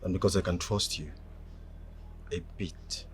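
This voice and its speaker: A man's voice: low voice, steady tone, unhurried, music in the background. An actor with a Nigerian accent playing a firm, secretive boss who threatens the men he hires. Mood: threatening. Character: menacing secretive boss hiring two men. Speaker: employer. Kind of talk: film acting.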